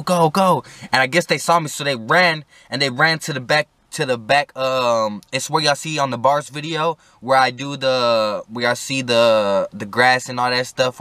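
A young man tells a long personal story straight to his viewers in casual slang, rambling, restarting and swearing now and then. His voice sits at an ordinary middle pitch, and the sound is dry and close, with no room echo. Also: bright, forceful tone. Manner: rambling, slangy, swears and then apologizes, acts out quotes with a raised voice. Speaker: vlogger telling a personal story.

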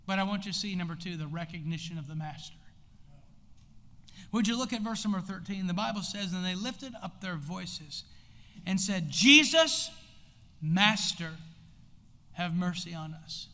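High-voiced preacher man in a reverberant church. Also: moderate pace. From United States. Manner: preaching with rising intensity and sudden shouts. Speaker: pastor. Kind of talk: sermon. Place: church sanctuary. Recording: long hall reverb in a church.

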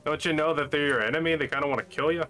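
Talking rapid-fire in a fairly high, bright, forceful voice, a gaming channel host jokes and talks to himself while playing a shooter game. Game music plays behind his playful commentary.

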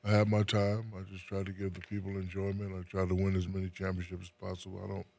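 A man in his forties from New Jersey talks with a very deep, low voice in a loose, unhurried interview chat. He often restarts his sentences, repeating his first words before going on. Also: creaky. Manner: relaxed, repeats his words when starting. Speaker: guest.

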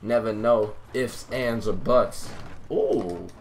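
A man's voice: on the low side, slow, a little mellow, a little hiss or hum. A young man giving live commentary over his own gameplay, talking to viewers, swearing, and getting hyped at his teammates. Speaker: gaming YouTuber.

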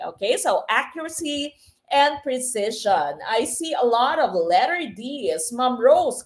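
High-voiced Filipino woman teaching live. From Philippines. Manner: mixes English and Filipino, frequent tag "no?". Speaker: exam review coach. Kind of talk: live online exam review lesson.

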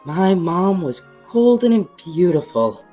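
A woman's voice: fairly low pitch, big pitch swings, slow, dark tone, soft background music, heavily acted. A woman playing an earnest teenage boy from a gang in an amateur stage play, narrating his story and pleading in the scenes. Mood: reflective. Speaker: student actor.

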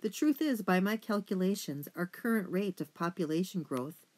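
A woman's voice: fairly low pitch, expressive, moderate pace, a little mellow. A woman voicing a pompous, self-important elderly male mouse who lectures his huge family in an audiobook. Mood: lecturing. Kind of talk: audiobook character reading.

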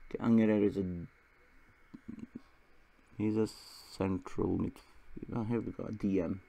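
A young man talks through a football management game in a low, gravelly voice. He rambles between match moments and pokes fun at himself in a loose, chatty way. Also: little pitch movement, a little slow, warm tone. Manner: rambling, self-deprecating, chuckling asides. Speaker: gaming video host. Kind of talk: casual Football Manager let's play commentary.

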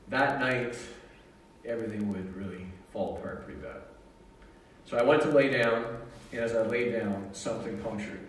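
A man telling a personal story to an audience in a lively, joking way, acting out what he and others said. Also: fairly low pitch, a little hiss or hum. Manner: animated, jokey, quotes himself and others. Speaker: speaker sharing a personal story. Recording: echoey room, mic at a distance.

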